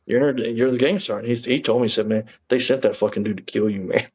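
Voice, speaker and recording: A man's voice: medium pitch, fairly even intonation, fast, a little mellow, breathy edge. A middle-aged man, telling his story as an interview guest, bluntly and emphatically, with plenty of cursing and fillers. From Texas.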